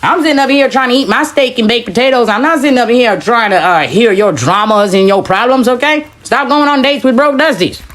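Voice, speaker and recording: A woman's voice: on the high side, fairly quick, few pauses, a little hiss or hum. A woman hosting a reaction video with blunt, teasing, snarky commentary.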